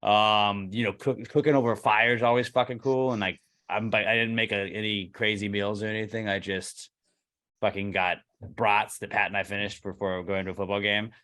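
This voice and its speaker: A young man co-hosting a podcast, telling animated stories with plenty of swearing. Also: fairly low pitch, moderate pace. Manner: animated storyteller, swears freely, acts out quoted exchanges. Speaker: podcast co-host. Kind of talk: casual podcast banter.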